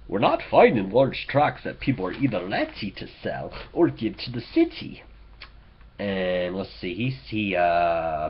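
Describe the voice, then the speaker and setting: A man's voice: low-pitched, lo-fi sound, slight background noise. A man hosting a political commentary show, sarcastic and mocking toward local officials. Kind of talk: opinionated commentary.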